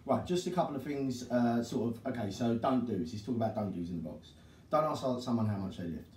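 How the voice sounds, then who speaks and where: A man in brash, sweary banter, his middle-pitched voice sounding roomy as it bounces around a gym. He talks bluntly and is picked up from a distance. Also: expressive, fast, a little mellow, slight background noise. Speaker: podcast co-host. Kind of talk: casual chat. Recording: echoey room, distant mic.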